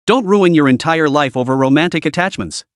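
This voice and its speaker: A man's voice: on the high side, brisk, clean tone, dry recording, studio quality, natural voice. A man voicing a cunning, relentless male interrogator who presses with rising questions. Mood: pressing.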